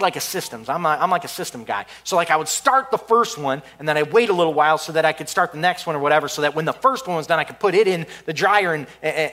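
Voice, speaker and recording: A man telling a funny personal story in an animated, excitable way, often stumbling and restarting. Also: sits high.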